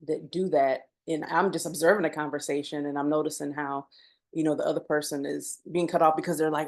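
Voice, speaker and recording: A woman co-hosting a podcast, talking through a pet peeve in an unhurried, thoughtful way with laughing asides. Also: sits low. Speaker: podcast co-host. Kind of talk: casual chat.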